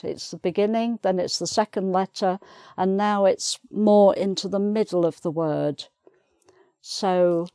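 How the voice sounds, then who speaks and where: A British woman teaches pronunciation at an unhurried pace, her voice sitting a little low. She repeats each example word carefully and patiently. The sound is dry and close, with no room echo. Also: dark tone, clear, resonant tone. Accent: British English. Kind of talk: pronunciation lesson.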